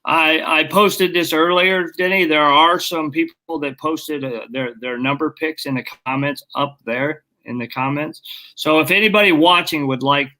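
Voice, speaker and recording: A man with an Ohio accent hosting a livestream chat, speaking haltingly and repeating his words. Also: a little high, pushed and bright, poor audio. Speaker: show host.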